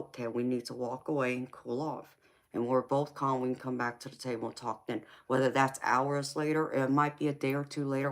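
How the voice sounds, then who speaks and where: A woman's voice: a bass voice, a bit bright. A middle-aged woman talking casually to viewers on a live stream, speaking with passion and conviction and calling them honey and baby. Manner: passionate, emphatic, talks to chat with endearments. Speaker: tarot reader and live streamer.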